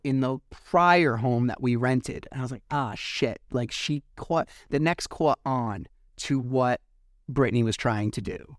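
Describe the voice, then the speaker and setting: A man's voice: mid-range voice, dry recording, studio quality. A man hosting a podcast, retelling events casually and animatedly, acting out quoted exchanges and swearing at times. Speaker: podcast host. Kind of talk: casual monologue recap.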